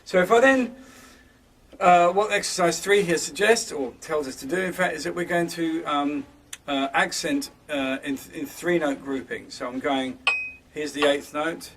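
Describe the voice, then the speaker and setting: A man's voice: fairly high pitch, a little slow, very noisy. A man teaching drums, explaining rhythm groupings in a hesitant way with many fillers and restarts. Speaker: drum teacher. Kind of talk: instructional drum lesson, counting beats aloud. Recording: distant mic with loud drums and metronome.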